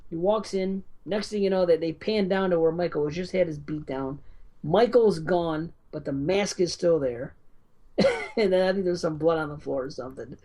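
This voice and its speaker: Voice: mid-range voice, moderate pace, dark tone. A podcast co-host retelling a film's ending in casual chat, rambling and swearing freely. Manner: profane, rambling storyteller. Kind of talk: casual film review chat.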